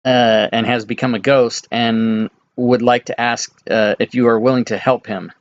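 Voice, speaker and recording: A man runs a tabletop game as dungeon master, narrating scenes in a calm, halting way. His voice sits in a middle pitch. The mic gives a slightly dull, lo-fi sound. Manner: relaxed, halting narration with many fillers. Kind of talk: running a tabletop game over voice chat.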